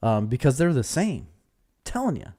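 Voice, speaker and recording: A man's voice: mid-range voice, big pitch swings, moderate pace, dark tone. A man co-hosting a podcast, chatting casually and laughing often. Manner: laughs often, easygoing banter. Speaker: podcast co-host. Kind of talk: casual chat.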